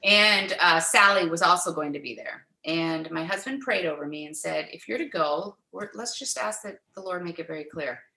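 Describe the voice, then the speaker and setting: A middle-aged woman, a guest in an interview, telling a personal faith story in an animated way and acting out the quoted dialogue. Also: on the low side, moderate pace, vocal fry, hardly any pauses, echoey room, poor audio.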